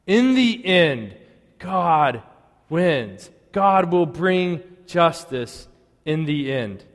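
An earnest male pastor preaching in a church, his fairly high voice carrying through a long, ringing reverb. He pauses often and sinks to a near hush on the phrases he wants to land. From United States. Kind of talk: sermon. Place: church sanctuary.

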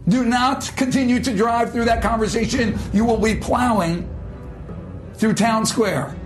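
High-voiced man giving an emphatic talk. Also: soft background music. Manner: emphatic, with pauses and sudden drops to a low tone. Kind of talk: short inspirational talk.

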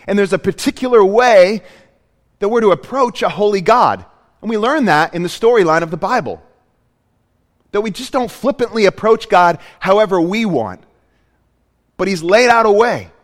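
A man's voice: sits high, animated, measured pace, long pauses, in a large hall. A male pastor preaching a sermon, earnest and storytelling, with emphatic repetitions.

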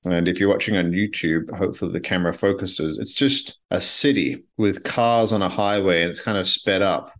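A man's voice: low-pitched, steady tone, normal speed, hardly any pauses, fairly bright tone. A man from Canada hosting a solo podcast, talking candidly and rambling, swearing now and then. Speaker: podcast host. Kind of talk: solo reflective podcast monologue. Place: his apartment.

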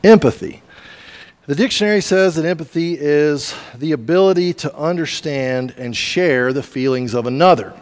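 A pastor delivering a sermon in a conversational, storytelling way with casual asides. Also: male voice, on the high side, moderate pace, hardly any pauses, long reverb tail.

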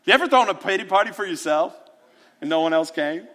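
A man preaching a sermon, acting out prayers and Bible scenes in an animated way. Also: high voice, quick pace. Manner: animated, dramatizes prayers with rising voice. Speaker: pastor.

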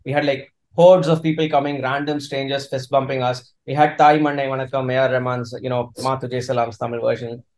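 A man's voice: mid-range voice, flat delivery, brisk, few pauses, a little mellow, low-quality recording. Stammering joking Indian man. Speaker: podcast co-host. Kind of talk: casual chat.

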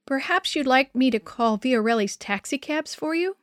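A woman's voice: sits high, animated, moderate pace, no echo. A woman reading a storybook, voicing a stern, wry middle-aged father in a dry, clipped way.

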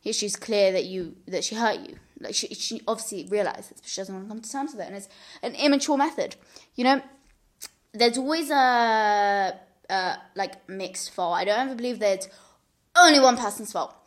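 A woman's voice: mid-range voice, normal speed. A young woman hosting a podcast, giving earnest advice in casual chat, with lots of restarts and repeated words.

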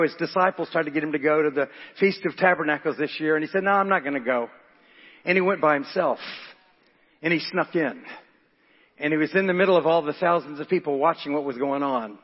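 A man's voice: fairly high pitch, slightly rough. A man preaching a sermon as pastor, impassioned and often laughing. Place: church. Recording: dull echoing hall sound.

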